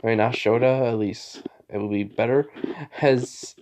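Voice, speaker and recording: A man's voice: medium pitch, fairly even intonation, measured pace, background noise. A young man casually retelling a story, rambling with lots of fillers and restarts.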